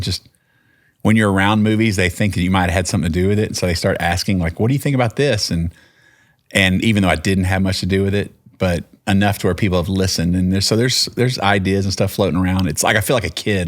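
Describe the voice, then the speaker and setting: A man with a Texan accent telling a long personal story in casual conversation, rambling with restarts and acted-out quotes. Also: sits low. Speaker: podcast guest, singer-songwriter.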